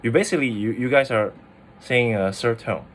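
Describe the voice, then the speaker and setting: A man's voice: mid-range voice, normal speed, a little hiss or hum. A man, a Mandarin speaker, casually explaining language tones, with many "like" fillers and restarts. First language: Mandarin Chinese. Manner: chatty, full of "like" fillers and restarts. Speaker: language teacher.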